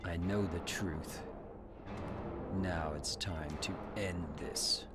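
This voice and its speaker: An actor playing a guilt-ridden young man in a video game cutscene, speaking in a low, slow, resigned way. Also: fairly even intonation. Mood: resigned resolve. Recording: game audio under loud music. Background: loud game music.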